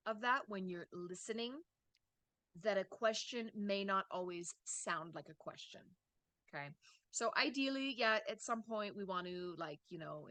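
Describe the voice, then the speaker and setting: A woman's voice: mid-range voice, pushed and bright, no echo. A woman teaching an English lesson, explaining patiently and checking in with "okay?" as she goes.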